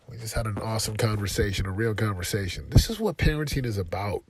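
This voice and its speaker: Emphatic, preachy man with a husky voice. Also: on the low side, brisk, darkish tone, dry recording. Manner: preachy, emphatic, repeats phrases. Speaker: podcast host and father. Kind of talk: motivational monologue. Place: outside his home, heading in.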